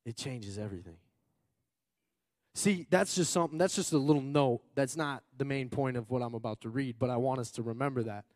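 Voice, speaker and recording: A man preaching a sermon in a church hall on a mic. He is loud and excitable and swings between shouting and quiet asides. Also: mid-range voice, fairly quick, clean studio sound. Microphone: handheld or stage mic.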